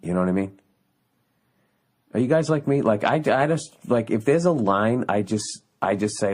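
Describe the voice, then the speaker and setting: Man, solo podcast host, profane, sarcastic, rambling rant, low-pitched. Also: lively intonation, normal speed, darkish tone. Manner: profane, sarcastic ranting with mocking mimicry. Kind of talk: solo ranting monologue. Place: on vacation away from home.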